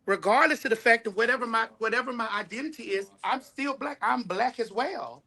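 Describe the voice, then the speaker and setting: Gravelly high-voiced woman debating. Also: brisk, bright, forceful tone. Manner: emphatic, repeats points. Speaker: guest. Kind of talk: heated debate.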